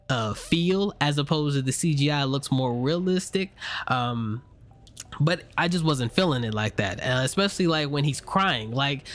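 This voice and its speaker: Rambling man reviewing anime, slightly high. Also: a bit bright. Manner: rambling, loose and unscripted, frequent fillers and restarts; swears freely, slangy. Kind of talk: casual spoken review.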